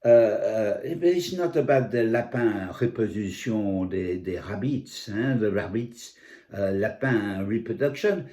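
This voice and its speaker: A man voicing an excitable middle-aged Frenchwoman who talks with a heavy French accent and broken English word order, animated and indignant, slipping French fillers in. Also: fairly low pitch, measured pace, close to an everyday voice.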